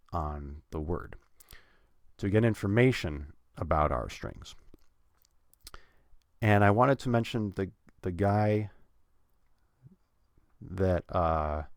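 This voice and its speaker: A man teaching English pronunciation in a relaxed way, thinking aloud with fillers and repeating example sentences with stressed words stretched out. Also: deep voice, no room sound, clean studio sound. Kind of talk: relaxed instructional talk.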